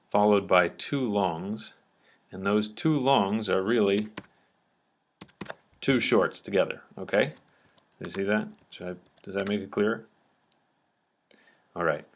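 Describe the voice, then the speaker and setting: A man with a somewhat low voice walks through a lesson at a patient pace. He explains each step and keeps checking that his listeners are following along. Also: slow pace, long pauses, a little hiss or hum. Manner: patient, checks understanding often with "okay?". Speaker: teacher. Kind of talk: explanatory lecture at a board.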